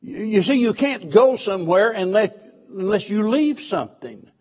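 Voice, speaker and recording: A man's voice: high-pitched, animated, normal speed, darkish tone, husky. A man preaching a sermon to his church, emphatic, repeating key phrases and asking the listeners questions.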